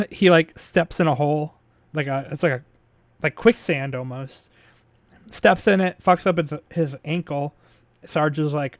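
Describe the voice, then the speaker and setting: A man with a fairly high voice casually recaps a movie plot as a podcast host. He rambles with lots of fillers, swearing and laughing along the way. There's no echo.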